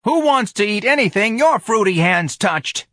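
A man voicing a surly teenage boy who talks in rough, sneering slang. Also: high-pitched, lively intonation, moderate pace, sharp tone, no room sound, clean studio sound, voice pushed up, exaggerated voice. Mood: insulting.

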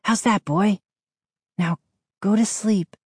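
A woman's voice: mid-range voice, slow, breathy edge, dry recording, studio quality, voice pushed up. A woman voicing an anxious, kind young boy who talks in urgent whispers.

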